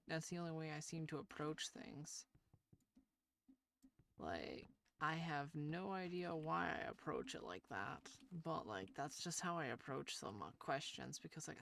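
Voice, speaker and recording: A mid-pitched, nasal voice with a touch of gravelly fry talks over gameplay. The speaker rambles shyly, piling up fillers and restarts. A faint hiss sits behind the voice. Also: a bit bright. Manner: shy, talks about social anxiety. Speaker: gaming video creator. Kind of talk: casual gameplay commentary.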